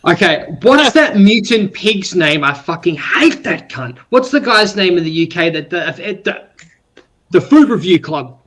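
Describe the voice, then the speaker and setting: A man's voice: high voice, big pitch swings, unhurried, a bit bright. A man co-hosting a football watchalong stream, swearing and ranting in loose casual chat. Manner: profane, ranting, does mock voices.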